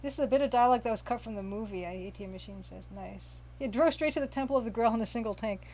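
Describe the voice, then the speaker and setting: A woman's voice: on the high side, very fast, darkish tone. A woman casually commenting while streaming a retro game, chatting, reading viewer comments aloud and gushing over the pixel art.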